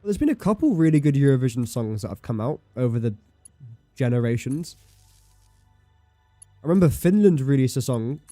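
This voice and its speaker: A man's voice: mid-range voice, big pitch swings, moderate pace, pauses often, warm tone, no room sound, faint music behind. A young man chatting casually while livestreaming a game, rambling and correcting himself as he talks. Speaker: streamer. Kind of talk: casual gameplay livestream chat.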